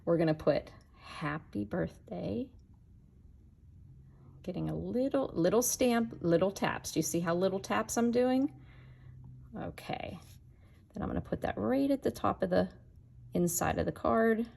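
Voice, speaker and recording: A woman's voice: mid-range voice, lively intonation, a little slow, creaky, long pauses, a little mellow. A woman demonstrating card making in a casual tutorial, chatting to viewers as she works. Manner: chatty, talks to viewers while working.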